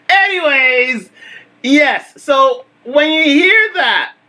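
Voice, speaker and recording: A man hosting a casual live talk stream, animated and repetitive, laughing often. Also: very high-pitched, very slow, noisy background.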